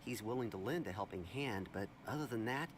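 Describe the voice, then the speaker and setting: A man voicing a calm, reserved townsman who keeps an eye on the city and speaks in a measured, polite way. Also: lowish voice, close to an everyday voice. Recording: game audio with clear background noise.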